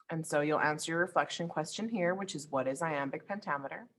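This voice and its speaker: A woman's voice: sits low, a little fast, few pauses, fairly bright tone. A woman teacher recording an online lesson walkthrough while sharing her screen, explaining step by step in a friendly way with frequent ums and likes.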